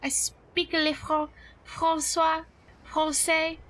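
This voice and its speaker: A woman doing a deliberately horrible, exaggerated fake French accent as a playful bit on a game stream. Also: extremely high pitch, expressive, fairly bright tone, exaggerated voice, rough recording. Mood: hammy.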